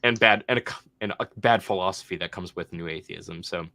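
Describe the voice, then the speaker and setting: A man hosting a casual debate review, animated with quick asides. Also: deep voice, no room sound. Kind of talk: casual chat.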